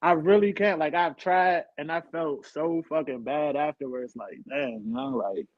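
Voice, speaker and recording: A man's voice: fairly high pitch, moderate pace, no room sound. A young adult man, a guest on a podcast panel, talking in a candid, loose and slangy way. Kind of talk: casual panel chat. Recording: dull, muffled sound.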